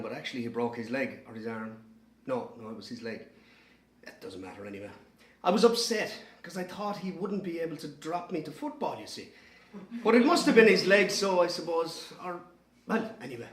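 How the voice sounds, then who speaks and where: A man's voice: on the high side, a bit bright. An actor playing a rambling, wry young Irish man who keeps correcting himself, in an audio drama monologue. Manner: rambling, self-correcting, offhand. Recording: roomy echo.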